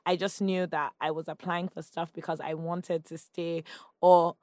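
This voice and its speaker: A woman's voice: on the low side, little pitch movement, moderate pace, darkish tone, no echo, clean studio sound. A young Nigerian woman in her twenties, a podcast guest chatting casually with many "like" fillers. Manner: chatty, lots of "like" fillers, laughs often. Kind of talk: casual interview chat.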